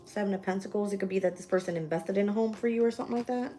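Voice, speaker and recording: A woman's voice: medium pitch, rapid-fire, dark tone, slight background noise. A woman doing a casual live-stream tarot reading, blunt and swearing freely as she thinks aloud and names each card she draws. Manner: shuffles and names cards aloud. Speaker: tarot reader.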